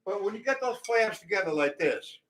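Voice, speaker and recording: A man's voice: sits high, animated, a little fast, over loud music. A man teaching a drum lesson, talking between demonstrations and counting beats aloud. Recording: echoey room, mic far off, loud drums.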